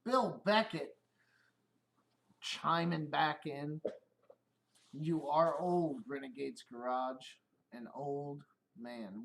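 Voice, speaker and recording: A middle-aged man on a casual livestream, rambling and swearing, often laughing at his own stories. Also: a little high. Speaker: streamer.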